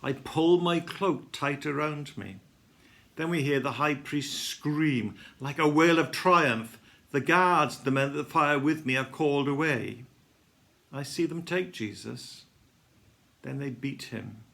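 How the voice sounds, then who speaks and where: A man with a gravelly, bright voice reads a devotional passage in the first person. He tells it with strong feeling, dropping to a hush and then rising again. The voice sits a little above the usual male range. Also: fairly high pitch, slow. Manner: emotional storytelling, swings between hushed and loud. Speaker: devotional reader. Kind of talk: dramatic first-person reading.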